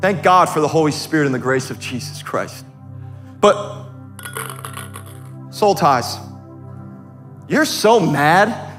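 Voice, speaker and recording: Man preaching, high voice, casual and joking, soft music under. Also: expressive, a little slow, pauses often. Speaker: pastor. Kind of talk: sermon.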